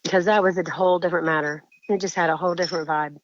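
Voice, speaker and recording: A woman caller telling a frightening encounter story in a shaken, halting way, often breaking off and restarting sentences. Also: fairly low pitch, fairly even intonation, dry recording, muffled recording. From Indiana.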